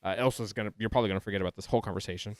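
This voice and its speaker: A man co-hosting a podcast, chatting casually and getting excited in high bursts. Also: very fast, dry recording, studio quality. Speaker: podcast co-host. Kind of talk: casual chat about anime and manga.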